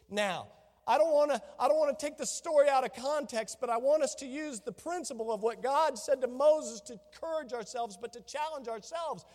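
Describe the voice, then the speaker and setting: A male pastor preaches an animated sermon at a fairly quick pace, acting out the dialogue of people in his biblical story. His voice sits very high for a man, and the church hall gives it a long reverb.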